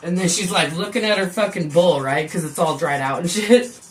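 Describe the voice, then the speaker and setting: A live streamer with a voice on the low side chats casually and fairly quickly with her viewers on a live stream. She tells stories, laughs often, and swears freely.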